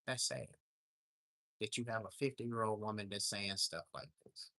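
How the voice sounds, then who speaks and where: A man's voice: lowish voice, normal speed, creaky, pushed and bright, dry recording. A man hosting a casual livestream, telling a story in an indignant, ranting way. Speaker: livestream host. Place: home in Alaska.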